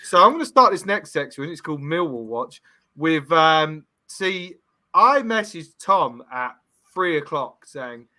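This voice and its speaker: A man hosts a football comedy chat show. His voice is bright and forceful and sits a little high. He teases his friends and tells stories with lots of laughs. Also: unhurried. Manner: laughing, teasing, animated storytelling. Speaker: podcast host. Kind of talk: casual football banter.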